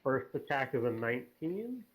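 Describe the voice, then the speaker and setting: A man's voice: mid-range voice, big pitch swings, moderate pace. Matter-of-fact man reading dice rolls. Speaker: player. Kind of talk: casual game talk.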